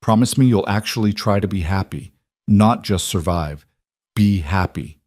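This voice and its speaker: Here the man voices the same terrified younger sister close to his everyday voice, which sits on the low side and sounds a little mellow at a normal pace. His audiobook narration is desperate, pleading and cracking, with dry, clean studio sound.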